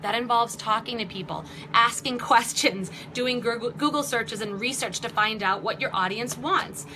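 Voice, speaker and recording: A woman's voice: fairly high pitch, noisy background. A woman in her forties hosting a live-stream vlog, giving online marketing tips in an upbeat, chatty way with jokey asides. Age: 40s.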